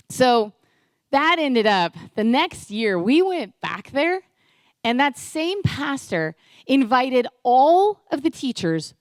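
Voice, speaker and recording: A young woman speaking to a church group, telling a personal ministry story and acting out the dialogue with lively energy. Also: fairly high pitch, no room sound. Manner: lively, acts out quoted dialogue. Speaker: guest speaker. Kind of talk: storytelling testimony talk.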